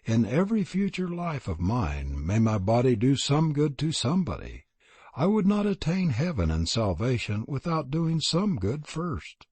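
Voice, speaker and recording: Guy doing a kind fairy prince, soft and earnest, husky. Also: mid-range voice, wildly swooping pitch, moderate pace, no room sound. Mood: serene. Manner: gentle and earnest. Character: compassionate young fairy prince, selfless.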